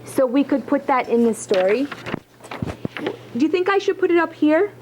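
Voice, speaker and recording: A woman's voice: sits high, very animated, normal speed, darkish tone, slight background noise, low-quality recording. A woman teacher leading a writing lesson, asking question after question and encouraging her students. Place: classroom.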